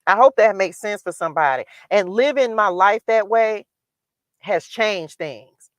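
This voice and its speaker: A woman's voice: medium pitch, lively intonation, measured pace, no echo. A woman hosting a livestream, giving a candid spiritual motivational talk about her own faith, told in a repetitive, testifying way. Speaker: livestream host. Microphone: livestream microphone.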